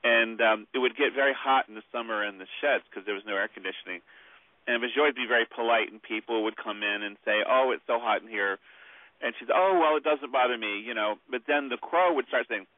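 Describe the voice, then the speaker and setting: Low-voiced man on a tinny phone line. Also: steady tone, quick pace, no echo. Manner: rambling, many "you know" fillers. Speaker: author guest. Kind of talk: phone interview storytelling.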